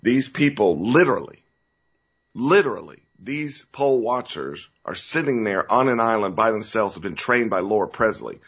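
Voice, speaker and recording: Male talk host, very low and husky, earnest and rambling, lo-fi audio. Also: animated, moderate pace, hardly any pauses, fairly bright tone. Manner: earnest, rambling, restarts and gets choked up. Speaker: show host. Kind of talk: emotional political talk show monologue.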